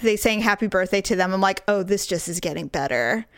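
A middle-aged woman telling a story in casual chat, animated and profane, acting out what people said. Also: medium pitch, a little fast, no room sound, clean studio sound.

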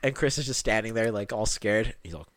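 A man's voice: fairly low pitch, fairly quick. A young man co-hosting a casual podcast chat, telling stories with lots of swearing and laughter. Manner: animated storytelling, swears a lot, laughs often. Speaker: podcast co-host.

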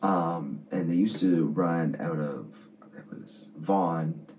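A young man chatting casually on a podcast, rambling and halting, often laughing. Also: low voice, darkish tone, recorded from a distance, slight background noise. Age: young adult. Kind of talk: casual chat.

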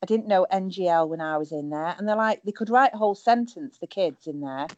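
A blunt, chatty middle-aged woman speaks as a guest on a podcast, cursing freely and joking. Her voice sits a little low. The call audio is dry and dull, with no room sound around her. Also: a little fast, darkish tone, dry recording. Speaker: guest, former reality show contestant. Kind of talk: casual chat over a call.

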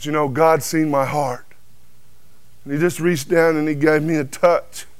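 Speaking from a truck cab, a man with a slightly high, clear and resonant voice shares a folksy personal testimony at a moderate pace. He's an animated storyteller, acting out the voices of the people he quotes.

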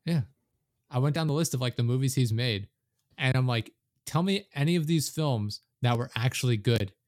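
A man hosting a casual podcast chat, giving his blunt opinions in a relaxed way. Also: mid-range voice, moderate pace, no echo, clean studio sound. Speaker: podcast host.

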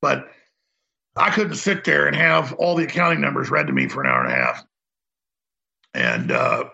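Male talk radio host, gravelly and forceful, rambling heated monologue on dull lo-fi audio. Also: medium pitch, animated, normal speed.

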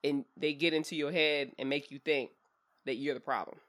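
A man in a casual chat, talking in a relaxed, colloquial way. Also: a little high, moderate pace. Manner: relaxed, colloquial, laughs easily.

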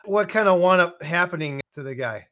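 A male interview host reacts loosely and profanely to his guest's stories. His voice is bright and forward, pitched a touch high. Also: expressive, fairly quick. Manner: reactive, swears freely. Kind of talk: casual interview chat.

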